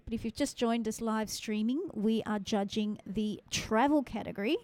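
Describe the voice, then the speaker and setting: A woman's voice: a little high, normal speed, a little mellow, no room sound. A woman with a Western Sydney Australian accent hosting a live-streamed photography judging, calling scores and chatting with the audience. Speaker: photography awards host.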